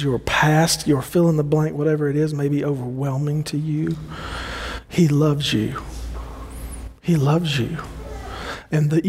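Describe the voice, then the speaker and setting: A man preaching a sermon with passion, climbing to emphatic peaks and then slowing into soft, quiet pauses. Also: a little high, in a large hall, slight background noise. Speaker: pastor.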